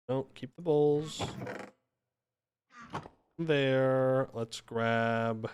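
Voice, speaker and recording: A male streamer talking casually over a live game, bantering with chat and defending himself in jest. His voice sits a little high for a man and jumps around a lot in pitch. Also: animated, moderate pace, long pauses, highs cut off, slight background noise. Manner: playful, joking with chat, mock-defensive. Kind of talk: casual live-stream commentary while playing.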